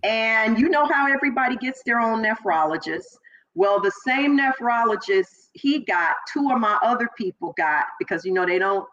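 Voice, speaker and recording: A middle-aged woman from Chicago, a former police officer, telling her story as an interview guest and acting out the voices of people she quotes. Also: moderate pace. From Chicago, Illinois. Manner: animated, acts out quoted voices with big pitch jumps. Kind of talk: personal storytelling in conversation. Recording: slightly dull lo-fi audio.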